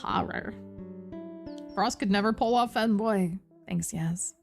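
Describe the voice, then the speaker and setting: A woman's voice: mid-range voice, a little slow. A young woman from New Jersey with a New Jersey accent, chatting casually on a live stream, reading chat aloud, playful and giggly, swearing freely. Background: faint background music.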